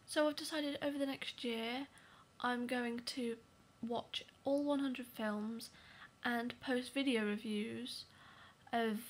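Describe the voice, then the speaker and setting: A woman's voice: on the high side, fairly even intonation, slow pace. A young woman giving a casual movie review vlog, chatty and apologetic, often dropping to a whisper for asides. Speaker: vlogger.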